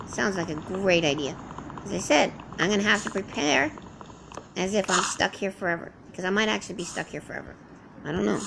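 Chatty woman, lively gravelly voice. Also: mid-range voice, background noise. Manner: rambling self-talk, chatting to animals. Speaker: game roleplayer. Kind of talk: in-character survival roleplay commentary.

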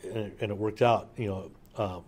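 A middle-aged man talks in a low voice with a relaxed, rambling delivery. He tells his session-drumming stories to an interviewer, loose and enthusiastic. He swears freely and leans on fillers as he goes. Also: moderate pace, breathy edge. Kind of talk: casual interview storytelling.

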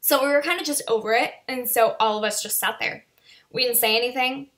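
A woman's voice: a little high, fairly quick, a bit bright. A woman in her twenties telling a story in a casual vlog, chatty and full of "like" and "you know". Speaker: vlogger.

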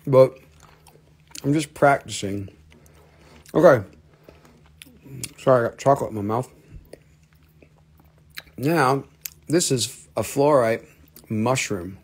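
A man's voice: mid-range voice, slow, pauses often, husky. A man from North Carolina hosting a live stream selling rocks and minerals, rambling and joking at his own expense. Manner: joking, rambling, self-mocking. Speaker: livestream rock and mineral seller. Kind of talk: casual live-sale chat.

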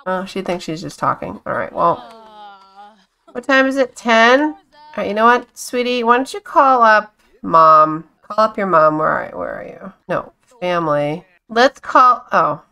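A woman's voice: medium pitch, expressive, a little slow, creaky, sharp tone. A woman giving casual gameplay commentary, chatting to her game characters, exclaiming and giggling often. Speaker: gameplay streamer.

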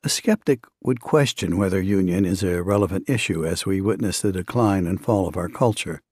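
A man reads a devotional book aloud in the first person, in a measured, earnest way. His voice sits low and a little husky. The sound is dry and close, with no room around it. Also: a little mellow, no room sound. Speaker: audiobook narrator.

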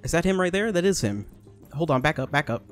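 Excitable young man playing a game. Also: on the high side, quick pace, soft background music. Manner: excitable, talks to the screen, laughs often, swears. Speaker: gaming YouTuber. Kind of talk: casual let's-play commentary.

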